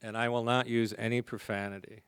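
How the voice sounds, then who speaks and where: A man's voice: medium pitch, level tone, fairly quick, fairly bright tone, smooth, dry recording. A man speaking at a recovery meeting, telling his story in a humorous, confessional way. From American. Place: conference hall.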